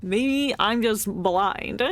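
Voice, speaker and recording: A woman's voice: mid-range voice, drawn-out words, a bit bright. A woman streaming a game, chatting and reacting playfully with frequent giggles. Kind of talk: casual game commentary.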